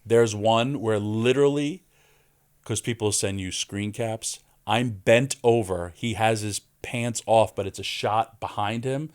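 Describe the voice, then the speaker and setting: Lively, low-voiced man telling stories. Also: unhurried, clean tone. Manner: animated storyteller, acts out quoted lines. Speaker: podcast guest, wrestler. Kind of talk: casual interview storytelling.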